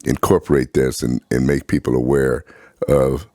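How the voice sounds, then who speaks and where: A man's voice: a bass voice, level tone, normal speed, mellow, dry recording, clean studio sound. A man co-hosting a casual political talk show, telling stories and laughing often. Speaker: co-host.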